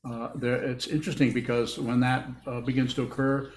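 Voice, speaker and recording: Male Buddhist teacher, thoughtful and halting, live hall recording with echo. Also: medium pitch, little pitch movement. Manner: halting, thoughtful, repeats words as he rethinks. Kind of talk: dharma talk answering questions. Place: meditation hall with a group. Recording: echoey room with faint hiss.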